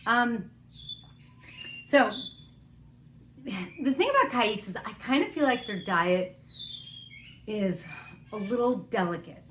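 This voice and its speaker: A woman's voice: medium pitch, lively intonation, unhurried, long pauses, fairly bright tone, a little hiss or hum. A woman talking casually to camera about parrot care, chatty and rambling, now and then cooing to her parrot. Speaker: parrot care author and vlogger. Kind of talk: casual vlog chat. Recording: roomy echoing room.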